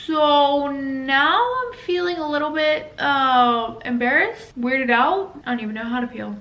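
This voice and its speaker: A woman with a bright, slightly high voice tells a casual personal story in a chatty way, peppering it with "like" and the odd swear word. Her voice rings in an echoey room. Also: animated, measured pace, highs cut off. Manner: chatty, swears, many "like" fillers. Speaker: storytime vlogger.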